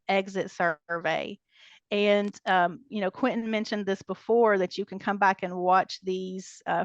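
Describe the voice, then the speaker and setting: A woman walks a group of coordinators through a training website on a video call, talking quickly in a chatty way with lots of ums. Her voice comes through a computer mic, dry and a bit dull, like lo-fi call audio. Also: mid-range voice, no echo. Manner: brisk, chatty, many ums, light laughs. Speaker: training coordinator presenting a webinar. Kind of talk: casual walkthrough of a website.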